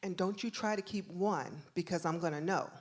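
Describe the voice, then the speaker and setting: A woman's voice: fairly low pitch, normal speed, lightly acted. A woman voicing a big, stern male police officer who talks in a firm, matter-of-fact way.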